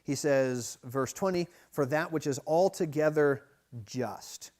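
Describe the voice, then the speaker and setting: A man's voice: a little high, slow, darkish tone. Man teaching a casual Bible study. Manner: conversational teaching, frequent "right?" checks and restarts. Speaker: pastor. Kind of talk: midweek Bible teaching sermon. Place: church.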